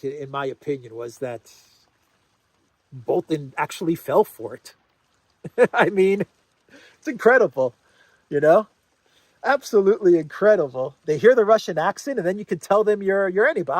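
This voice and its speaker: A man hosting a casual news commentary show, amused and incredulous, laughing and repeating phrases as he talks. His voice sits fairly high for a man. The recording is dry, with no room sound. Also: animated, normal speed, no room sound. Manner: repeats words and restarts phrases with "uh". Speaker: host.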